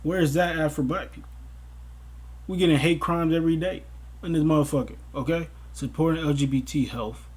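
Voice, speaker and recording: A man's voice: a little high, fairly quick, slightly rough. A young man giving a casual, profane commentary rant, exasperated and bursting into outraged exclamations. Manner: profane, exasperated, animated outbursts. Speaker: commentary vlogger.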